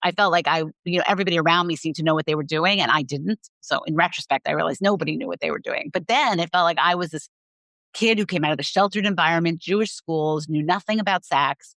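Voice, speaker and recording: A woman's voice: lowish voice, fast, a bit bright, dry recording. A woman sex therapist speaking frankly as a guest on an interview podcast, telling personal stories in a candid, open way.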